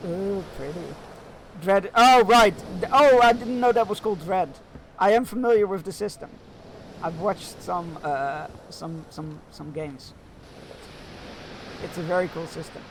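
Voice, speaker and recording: A man's voice: high-pitched, a little slow, noisy background. A man streaming a video game, chatting casually and musing aloud, with frequent fillers and chuckles. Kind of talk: casual gameplay commentary.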